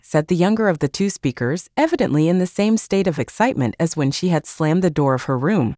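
A woman reading a classic novel aloud as an audiobook narrator, measured and expressive. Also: sits low, dry recording, studio quality.

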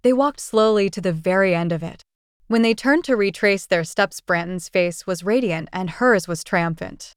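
A woman narrating a classic short story in a measured, even audiobook reading. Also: mid-range voice, clear, resonant tone, dry recording, studio quality.

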